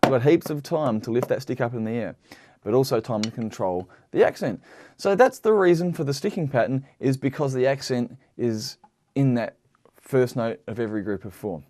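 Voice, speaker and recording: A man's voice: mid-range voice, expressive, moderate pace, warm tone. Patient man teaching drum technique. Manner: patient, explanatory, often checks in with "okay?"; counts out sticking patterns while demonstrating. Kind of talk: instructional lesson.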